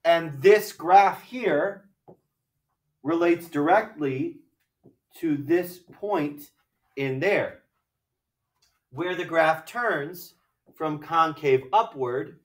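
A male math teacher lectures in a slightly higher voice, checking in with rhetorical questions as he explains. He sounds set back from the mic in an echoey room. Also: drawn-out words, pauses often, recorded from a distance. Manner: explanatory, asks rhetorical questions with frequent "right?". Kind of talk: classroom lecture.

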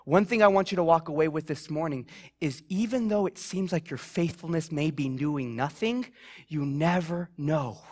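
A man's voice: fairly high pitch, normal speed, a little mellow. A young man giving a sermon in a church, chatty and self-deprecating, telling childhood stories between scripture readings, with many fillers and restarts. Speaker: preacher. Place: church sanctuary.

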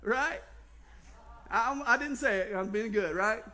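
Southern us pastor preaching, high bright voice, tells stories and keeps asking the crowd stuff. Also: male voice, unhurried. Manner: animated storytelling, quizzing the congregation. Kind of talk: sermon.

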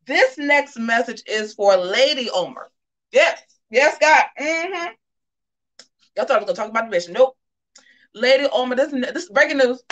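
Sassy, animated woman gossip host. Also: a little high. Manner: animated, sassy, with drawn-out asides to viewers. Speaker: host of a live gossip show. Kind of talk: casual live commentary.

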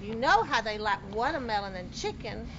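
An actress playing a nosy, prim pastor's wife who gossips about the neighbors. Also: female voice, on the high side, animated, normal speed. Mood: gossipy. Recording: dull film audio with faint noise.

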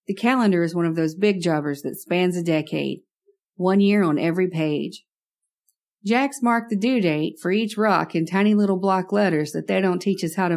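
Gravelly-voiced woman narrating horror. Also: lowish voice, darkish tone. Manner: wry, conversational storytelling. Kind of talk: first-person horror fiction narration.

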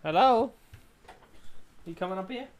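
A man casually commenting on a replayed game clip, animated as he explains it. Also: sits high, measured pace, dull audio. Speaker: streamer.

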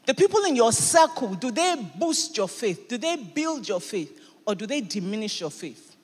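Animated woman pastor preaching in a reverberant hall. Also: fairly high pitch, normal speed, slightly rough. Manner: animated, emphatic preaching with sudden bursts of loudness. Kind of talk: sermon. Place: church hall.

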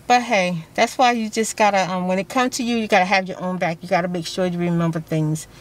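A woman's voice: on the low side, fairly even intonation, brisk, rough recording. A woman chatting casually to her vlog audience from inside a car, rambling and laughing often. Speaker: vlogger.

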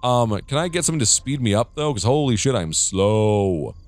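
A man's voice: mid-range voice, expressive, moderate pace, a little mellow. A young man narrating his play of a horror game, jumpy and jokey, swearing often and talking to himself. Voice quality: jittery, jokey, swears a lot. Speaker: gaming streamer.

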